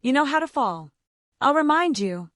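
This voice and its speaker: A woman's voice: sits high, big pitch swings, moderate pace, a bit bright, dry recording, studio quality, voice pushed up. A woman voicing a manipulative ex-husband who talks in an ingratiating, then menacing way. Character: smarmy manipulative male ex-husband.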